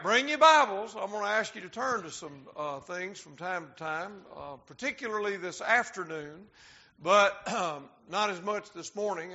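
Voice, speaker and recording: Male preacher, bright high voice; drawn-out emphasis on key words; lo-fi sound. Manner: slows down to stress key words; talks directly to the congregation. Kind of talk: sermon. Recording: dull lo-fi sound.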